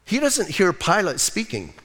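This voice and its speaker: Casual, animated pastor in a reverberant hall. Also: male voice, high-pitched, moderate pace. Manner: casual, animated Bible storytelling. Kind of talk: sermon. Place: church sanctuary.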